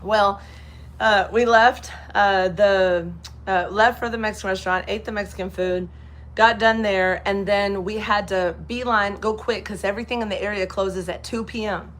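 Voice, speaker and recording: A woman's voice: mid-range voice, fairly even intonation, normal speed, fairly bright tone, a little hiss or hum. A woman from Texas with a light Kentucky twang, hosting a casual live chat and telling a story, acting out other people's lines. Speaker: host.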